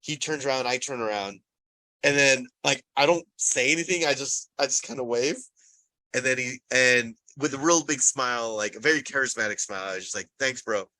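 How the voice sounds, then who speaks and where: A man rambles through a story on a casual podcast, cursing freely and breaking into laughs. His voice is bright and forward, recorded dry and close with almost no room sound. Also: mid-range voice, fairly quick, dry recording, rough recording. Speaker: podcast co-host. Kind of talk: casual chat.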